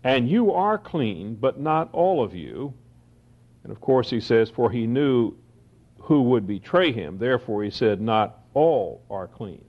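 A man teaching the Bible verse by verse, reading scripture slowly and then explaining it in quick asides. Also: mid-range voice, lively intonation. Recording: dull lo-fi recording.

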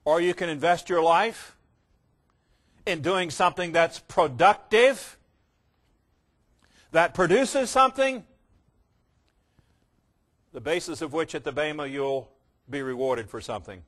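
A man preaching a sermon, emphatic, slowing down to stress key words and mimicking casual believers in quick asides. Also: a little high, lively intonation, a bit bright.

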